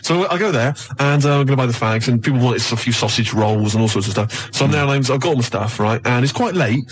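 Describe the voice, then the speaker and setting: A man's voice: mid-range voice, fast. A man telling a comic story on radio, rambling and checking in with "right?" between restarts. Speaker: radio co-host.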